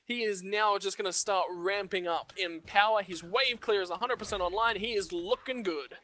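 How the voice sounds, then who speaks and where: A man doing energetic esports commentary and analysis, with playful hype calls. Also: high voice, moderate pace.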